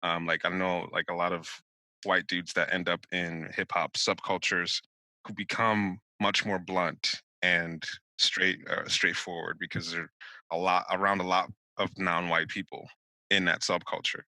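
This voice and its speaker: A man's voice: low voice, flat delivery, measured pace, sharp tone, no room sound, low-quality recording. A man co-hosting a podcast in casual discussion, talking bluntly and thinking aloud with restarts. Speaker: podcast co-host.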